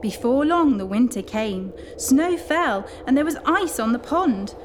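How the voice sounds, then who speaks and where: Woman, storybook narrator, expressive, very lively pitch, high voice. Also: unhurried, slight background noise. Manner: bright, expressive and animated. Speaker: children's story reader, host. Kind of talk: storybook read-aloud for children.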